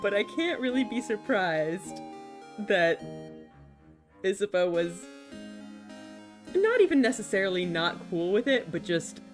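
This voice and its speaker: A woman's voice: medium pitch, sing-song, unhurried, long pauses, soft background music. Emotional woman reacting to a game. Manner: emotional, swearing, laughing, rambling. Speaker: video game let's player. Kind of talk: casual gameplay commentary.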